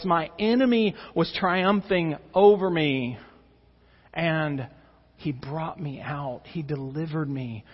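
A man preaching a sermon as pastor, earnest, swelling with emphasis and falling to soft, intense moments. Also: on the high side, takes it slowly, slightly rough. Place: church sanctuary. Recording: dull reverberant church recording.

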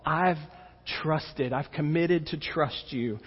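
Man preaching, slow deliberate delivery, husky voice, long church reverb, dull recording. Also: a little high. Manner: earnest preaching, rising with emphasis and dropping to soft intensity. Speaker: pastor. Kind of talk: sermon. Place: church sanctuary.

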